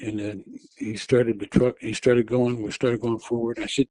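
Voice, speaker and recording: A middle-aged man recounts a personal ordeal for an interviewer, often restarting his sentences. His voice is mellow and dark, and it climbs high and loud when he re-enacts his own shouting. The recording is dry, with no room sound. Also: flat delivery, normal speed, no room sound, rough recording. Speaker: interview guest telling his testimony. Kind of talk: personal storytelling. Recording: audio only.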